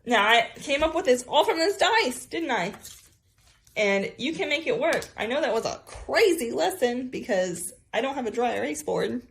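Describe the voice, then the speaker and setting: A woman's voice: high-pitched, big pitch swings, moderate pace, vocal fry, a bit bright, slightly rough. A young woman teaching a music lesson to children at home, chatty and cheerful, often saying y'all.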